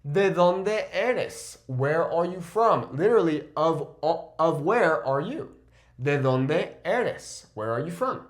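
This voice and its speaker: A man in his twenties teaching a language lesson, explaining phrases in a lively way. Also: a little high, takes it slowly. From California. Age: 20s. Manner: lively explaining, switches between English and Spanish. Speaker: Spanish teacher.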